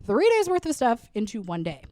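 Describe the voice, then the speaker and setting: A woman's voice: a little high, big pitch swings, a little fast, dark tone, no echo. List: young woman, podcast co-host, casual rambling, filler-heavy, dry close sound. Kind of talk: casual chat.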